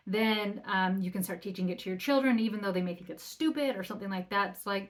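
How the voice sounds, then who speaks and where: A woman in her thirties talks straight to her listeners in a relaxed podcast monologue, with her pitch in the middle range for a woman. She keeps asking them rhetorical questions and briefly acts out the voices of parents and kids. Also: fairly quick. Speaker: parenting coach and podcast host. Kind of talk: casual solo podcast talk.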